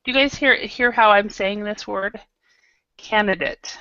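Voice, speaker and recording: A woman's voice: mid-range voice, moderate pace, sharp tone, smooth, no echo. A woman teaching an online English class, patiently modelling pronunciation over a video call. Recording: dull lo-fi video call audio.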